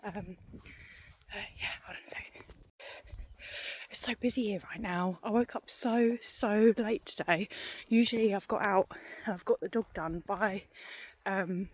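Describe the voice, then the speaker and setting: A woman's voice: mid-range voice, unhurried, slightly rough. A woman vlogger chatting casually while walking outdoors, rambling and a little out of breath. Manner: rambling, chatty, self-deprecating. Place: outdoors on a dog walk.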